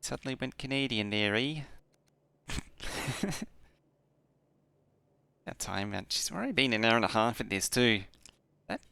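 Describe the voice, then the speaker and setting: Man, game streamer, slow mumbling, gravelly fry, bright edgy tone, a bit tipsy, counting to himself. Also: mid-range voice, expressive, no room sound. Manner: mumbles half-sentences to himself, counting aloud. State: tipsy from beers. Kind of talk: casual muttering while playing.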